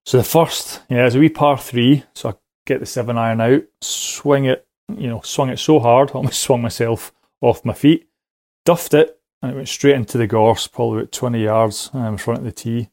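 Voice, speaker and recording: A man's voice: medium pitch, fairly even intonation, moderate pace, a little mellow, no echo, clean studio sound. A man calling in with a story, rambling along with lots of ums and little laughs. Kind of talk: casual recorded voice message.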